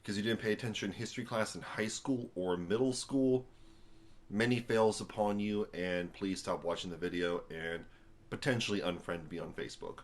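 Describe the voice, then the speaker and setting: A young American man with a deep, low voice talks into a camera on a tripod at home. He sounds worn out after a long day and rambles in a loose, casual way, with many ums and restarts and dry asides. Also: moderate pace. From United States. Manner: rambling, full of fillers and restarts, wry asides. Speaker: vlogger reviewing a book. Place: at home indoors.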